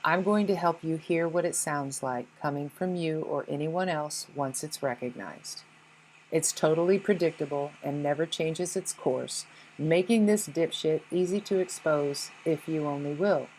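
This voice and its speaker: A woman's voice: deep voice, moderate pace, darkish tone, slight background noise, poor audio. A woman giving a scripted spiritual presentation, earnest and blunt, with occasional swearing. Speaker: spiritual speaker.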